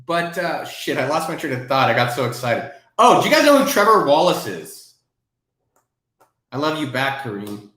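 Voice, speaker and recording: A man hosting a live Q&A stream from his desk, talking casually and excitably, with some swearing. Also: on the high side, moderate pace, echoey room. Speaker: host.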